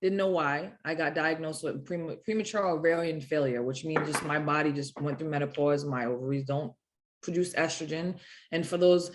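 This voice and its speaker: A woman's voice: low-pitched, normal speed, slight background noise. A woman boxer in her thirties, chatting as an interview guest, acting out quotes and laughing often as she tells stories. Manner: animated storyteller, acts out quotes, laughs often. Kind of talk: casual interview chat.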